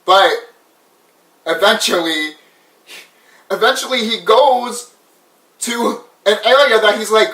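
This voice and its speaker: A man giving a casual, excitable film review, swearing often and laughing. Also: sits high, slow, pauses often. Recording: echoey room, mic at a distance.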